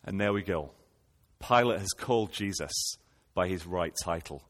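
A man's voice: low voice, moderate pace, a bit bright, in a large hall. A man preaching a sermon, retelling scripture and posing rhetorical questions to his listeners.

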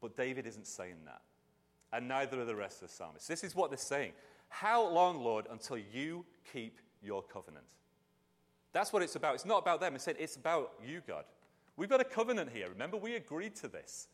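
A man's voice: medium pitch, fast, in a large hall. A middle-aged man, a pastor, giving a casual, conversational sermon with restarts and asides. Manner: animated, chatty, with restarts and asides.

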